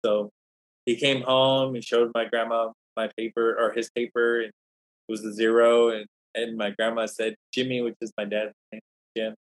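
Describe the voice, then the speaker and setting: A man's voice: medium pitch, flat delivery, moderate pace, low-quality recording. Scholar guest, male, mid-range voice; chatty, meandering anecdotes with false starts. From Native American community. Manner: rambling, anecdotal, many restarts. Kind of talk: podcast interview storytelling.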